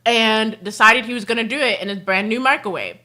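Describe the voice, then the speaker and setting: A young adult woman hosting a livestream, telling family stories in a casual, animated way and laughing often mid-sentence. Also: a little high, fairly quick. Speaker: livestream host. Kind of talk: casual storytelling chat.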